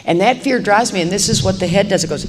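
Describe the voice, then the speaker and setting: Animated woman speaking in a reverberant hall. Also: mid-range voice, fast talker. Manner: animated, acts out little dialogues. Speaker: AA meeting speaker. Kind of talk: recovery talk to a live audience. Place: meeting hall. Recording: reverberant live hall recording, faint hiss.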